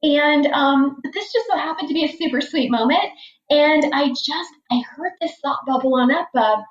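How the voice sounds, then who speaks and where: A woman in her forties speaking as a financial coach, with a fairly high voice. She tells stories earnestly and leans on repeated phrases. The sound is roomy and a little dull, like a lo-fi podcast. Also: normal speed. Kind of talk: podcast interview storytelling. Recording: echoey room, dull lo-fi sound.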